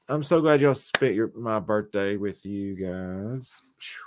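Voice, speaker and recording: A man's voice: fairly low pitch, measured pace, no echo. A man hosting a casual livestream, reading and answering viewer chat with jokes and teasing, a little tipsy from wine. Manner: chatty, teasing, joking with chat. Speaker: livestream host.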